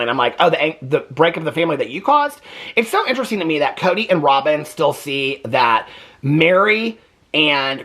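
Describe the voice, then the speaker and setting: A man hosting a reaction video, chatting in a gossipy, animated way and laughing often. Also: fairly high pitch. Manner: animated and gossipy, keeps asking "okay?"; laughs often while talking. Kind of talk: casual reality-TV reaction commentary.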